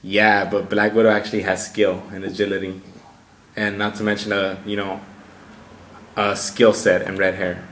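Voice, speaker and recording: A man's voice: fairly low pitch, level tone, moderate pace, a bit bright. A man co-hosting a casual podcast, going on profane, heated rants and laughing with friends. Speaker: podcast co-host. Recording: echoey room with faint noise.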